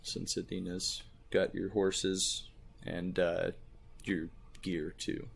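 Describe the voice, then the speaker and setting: A man narrating a tabletop game as game master, describing scenes in an unhurried way. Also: low-pitched, completely flat delivery, creaky, slight background noise.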